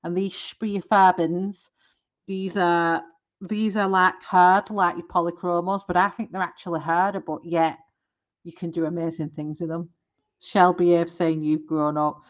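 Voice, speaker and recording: A woman's voice: lowish voice, flat delivery, a little slow, highs cut off. A woman hosting a colouring live stream, chatting casually and giggling as she trips over product names.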